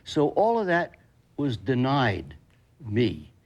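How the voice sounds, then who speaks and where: An older male actor tells stories as an interview guest. He is emphatic, blunt and salty, and his voice sits at a middling pitch. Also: wildly swooping pitch, slow pace, darkish tone, lo-fi sound. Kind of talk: emotional interview storytelling.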